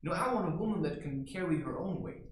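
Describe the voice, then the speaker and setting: A man's voice: sits high, lively intonation, fast, a little hiss or hum. A man playing a blunt, boastful macho barbarian in a rambling comic monologue, keeps tossing in "right?", recorded in a room. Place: room indoors. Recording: echoey room.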